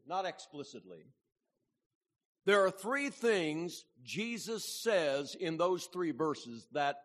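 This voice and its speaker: Male preacher, high voice, unhurried sermon delivery, hall echo. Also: a bit bright. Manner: slow, deliberate preaching with rhetorical questions. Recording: long hall reverb.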